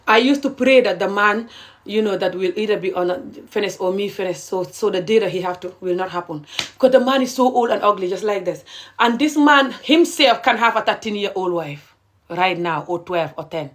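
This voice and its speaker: A middle-aged woman, ranting passionately and indignantly to viewers on a live stream, repeating her points. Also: medium pitch.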